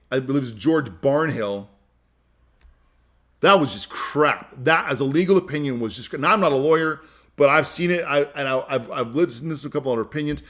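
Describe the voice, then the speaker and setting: Heated, emphatic man with a high voice. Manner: emphatic, heated, repeats himself. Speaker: podcast host. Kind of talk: opinion monologue.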